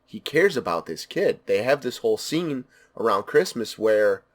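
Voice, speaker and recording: A man's voice: mid-range voice, very animated, normal speed. A man giving a casual spoken movie review, enthusiastic and repeating words for emphasis.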